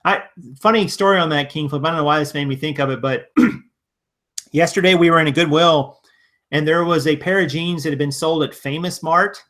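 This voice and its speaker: A man's voice: a little high, moderate pace, a bit bright. A man from Virginia hosting a casual live stream, answering viewer comments in a rambling, conversational way full of restarts. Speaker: live-stream host and reseller.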